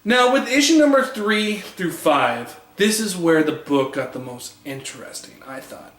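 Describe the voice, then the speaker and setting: A man's voice: high voice, big pitch swings, measured pace, fairly bright tone. Enthusiastic man reviewing comics, echoey room. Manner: enthusiastic, acts out quoted lines. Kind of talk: casual video review.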